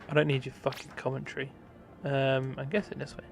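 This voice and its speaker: A man's voice: medium pitch, little pitch movement, fairly quick, faint music behind. A young man casually commentating his game live on stream, swearing often, mocking himself and laughing easily.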